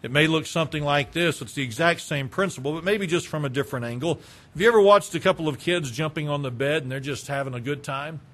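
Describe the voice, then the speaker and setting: A man's voice: a little high, quick pace, a bit bright. A man preaching a sermon as pastor, building with rhetorical questions.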